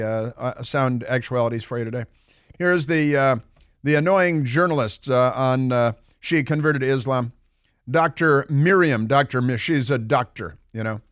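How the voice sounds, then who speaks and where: A man's voice: mid-range voice, fairly bright tone, clean tone, dry recording. A middle-aged man hosting a talk radio show in a studio, mocking and rambling with many fillers and asides. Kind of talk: opinionated talk radio monologue. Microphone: studio microphone.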